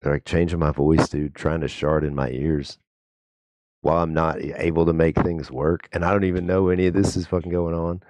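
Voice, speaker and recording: A man's voice: very deep voice, little pitch movement, a little fast, darkish tone, no echo. A man livestreaming on a headset mic, chatting in a rambling, profane, jokey way. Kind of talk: casual live-stream chat.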